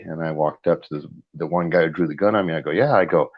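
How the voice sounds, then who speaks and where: A man's voice: low-pitched, fairly even intonation, fast, few pauses, no room sound, dull audio. A man telling a long story in a blunt, rambling way, repeating "I go" over and over as he retells it. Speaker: host of a live chat stream. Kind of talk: casual storytelling.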